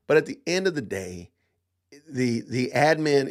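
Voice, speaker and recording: A man's voice: mid-range voice, lively intonation, normal speed. A middle-aged man hosting a podcast, giving opinionated commentary with emphatic rhetorical questions and lots of repetition. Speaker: podcast host.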